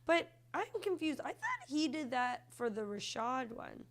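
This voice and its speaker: A woman's voice: high voice, sing-song, a little slow. Chatty, self-deprecating woman co-host. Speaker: podcast co-host. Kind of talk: casual comedic chat.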